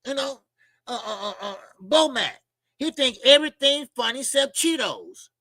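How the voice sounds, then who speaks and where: A man's voice: very high-pitched, expressive, normal speed, pushed and bright, no room sound. A man hosting a boxing channel, ranting his opinions in a blunt, profane, mocking way, often repeating himself and using fillers. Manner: repeats phrases, with frequent fillers. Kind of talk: opinionated boxing commentary rant.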